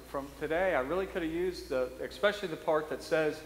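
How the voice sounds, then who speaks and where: A man's voice: on the high side, brisk, hardly any pauses, slight background noise. A male priest giving a sermon, telling a funny story about himself and chuckling often. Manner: humorous storytelling, self-mocking, chuckles often. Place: church sanctuary. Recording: roomy echoey church hall.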